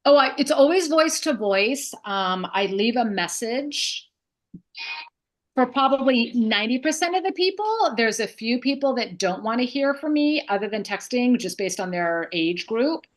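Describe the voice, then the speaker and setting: Woman agent, relaxed and casual, slightly raised pitch, speaking over a video call. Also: unhurried. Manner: relaxed, with filler ums. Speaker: real estate agent. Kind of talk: casual chat.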